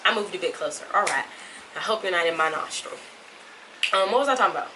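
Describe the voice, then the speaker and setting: A woman's voice: fairly low pitch, lively intonation, fast. A young woman with a put-on Southern US drawl, chatting to camera in a rambling, talkative way, recorded at home. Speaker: vlogger. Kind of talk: casual chat to camera. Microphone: camera mic at a distance. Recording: distant camera mic, faint room noise.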